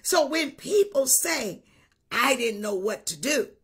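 A woman bishop preaching a sermon, animated, shouting at times and breaking into tongues. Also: sits high, slow, slightly rough.

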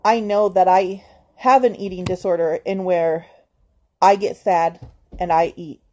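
A woman's voice: fairly low pitch, steady tone, unhurried, warm tone. A woman talking to camera in a personal confessional vlog, hesitant and earnest, with frequent ums and restarts as she encourages herself. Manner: hesitant, many ums and restarts, talks straight to the viewer. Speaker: vlogger.

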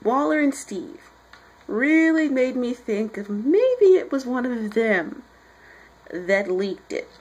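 Chatty young woman with a husky voice. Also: a little high, sing-song, slow pace, darkish tone, low-quality recording. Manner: chatty, rambling retellings with frequent "you're like". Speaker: comic book reviewer. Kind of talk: casual chat.

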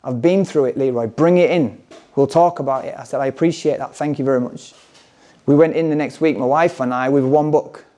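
A man's voice: medium pitch, a little fast, warm tone. A man speaking candidly at a conference, telling a personal story and reading scripture with emphasis. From England. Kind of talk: personal testimony talk.

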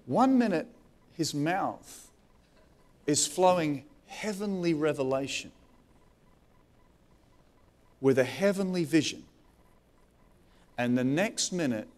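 Aussie pastor guy preaching, bit high voice, jumps up and down a lot, lots of restarts. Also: measured pace, long pauses. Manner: animated preaching with restarts, rising questions and dropped asides. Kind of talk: sermon. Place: church.

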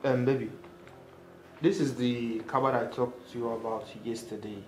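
A man's voice: mid-range voice, fairly even intonation, moderate pace, a little mellow, faint music behind, lightly acted. A man playing a firm husband, echoey. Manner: firm, formal, laying down rules. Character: firm young husband, master of the house. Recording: echoey room.

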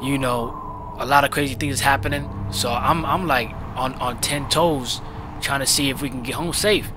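A young man hosting a casual storytime, talking in slangy, animated bursts that jump loud when excited. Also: mid-range voice, moderate pace, background noise. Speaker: storytime channel host. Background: background music.

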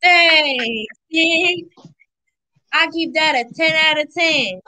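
A woman's voice: sits high, slow, pushed and bright, dry recording, low-quality recording. A young woman with a Southern accent, chatting casually and reading viewer comments aloud on a cooking livestream. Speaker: co-host reading live comments.

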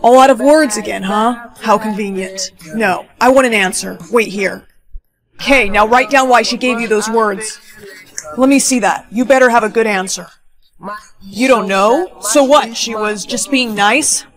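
A woman's voice: on the high side, unhurried. A woman playing a controlling, jealous boyfriend who questions and makes demands. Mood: suspicious. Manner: demanding, interrogating.

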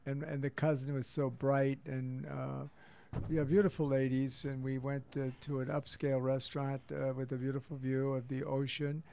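A man's voice: mid-range voice, level tone, normal speed, gravelly, warm tone, slight background noise. An older man hosting a live radio talk show, playful and affectionate, calling people baby and darling. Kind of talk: casual live radio chat. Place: radio studio.

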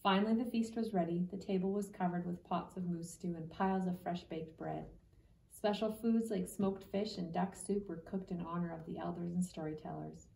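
A woman reading a children's book aloud at a steady storybook pace. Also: fairly low pitch, moderate pace, creaky. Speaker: reader. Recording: echoey room, distant mic.

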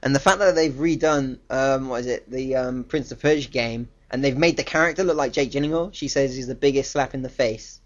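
A man's voice: medium pitch, fairly quick, hardly any pauses. A man giving a casual, ranting film review, blunt, profane and exasperated, on a dull lo-fi recording.

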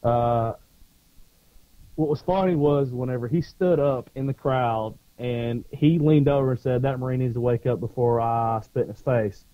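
A former Marine co-hosting a podcast, telling stories in a profane, animated way and acting out the shouting. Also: male voice, medium pitch, moderate pace, no echo. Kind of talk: casual storytelling chat. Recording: dull lo-fi dry sound.

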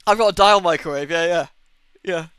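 A young streamer games while chatting loosely with his viewers, swearing often and drifting into exasperated, rambling tangents as he talks to chat. His voice is bright, crisp, and a little high for a man, and he speaks briskly. The recording is close and dry with no room sound, and faint game music plays underneath.

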